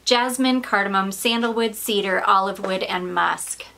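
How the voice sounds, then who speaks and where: A woman's voice: mid-range voice, normal speed, gravelly, bright, forceful tone. Slightly out of breath woman doing a chatty perfume vlog, gushy and rambly, lots of ums. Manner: rambling, gushing, with frequent fillers and little laughs. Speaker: perfume reviewer.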